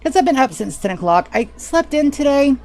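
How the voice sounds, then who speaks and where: A woman's voice: sits high, big pitch swings, brisk, a little mellow. Chatty, profane woman streamer. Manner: chatty, profane, self-mocking. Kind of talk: casual live gameplay chat.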